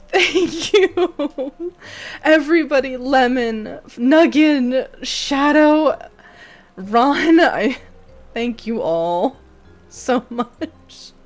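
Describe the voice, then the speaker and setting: A woman's voice: sits high, expressive, very slow, soft background music. A young woman streaming live, chatting casually with viewers, swearing freely and thanking them by name.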